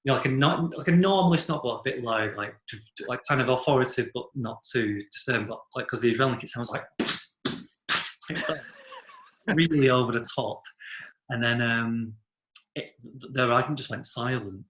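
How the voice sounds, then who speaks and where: A man's voice: mid-range voice, fairly quick, background noise. A young man telling a rambling story among friends, full of 'like' and casual swearing. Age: young adult. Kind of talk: casual chat. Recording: roomy echo.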